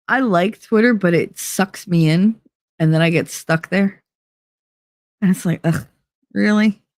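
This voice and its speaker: This livestream host, a middle-aged woman, chats frankly with plenty of swearing, laughs often and does voices for the people she quotes. She has a fairly low, gravelly voice with a darkish tone. The sound is clean studio audio with no echo.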